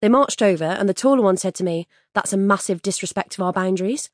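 A woman's voice: medium pitch, fast talker, no echo, studio quality, natural voice. A woman voicing a wry young woman. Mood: exasperated. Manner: wry and frank. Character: weary, self-deprecating young woman on a night out.

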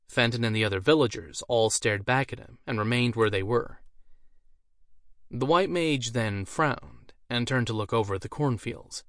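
A man narrates a fantasy tale in an even, measured storytelling voice of middling pitch. The recording is close and dry, with no room sound. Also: no room sound. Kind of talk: audiobook narration.

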